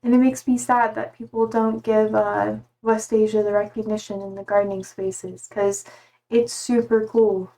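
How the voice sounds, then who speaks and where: A woman's voice: medium pitch, flat delivery, normal speed, warm tone. A young woman from Germany whose first language is German, chatting casually with her livestream viewers and reading their messages aloud.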